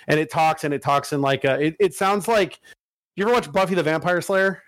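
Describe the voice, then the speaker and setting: Chatty man, fairly high and dry. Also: brisk, a bit bright, no echo. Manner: rambling, profane, chatty with restarts. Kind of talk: casual chat.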